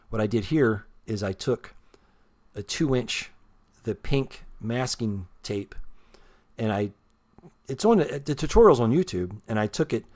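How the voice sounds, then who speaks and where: A man with a lowish voice tells his story in a loose, casual ramble, swearing freely and poking fun at himself. He talks while showing off a figure he painted himself. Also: a little mellow. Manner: rambling, heavy swearing, self-deprecating. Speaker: custom action figure painter.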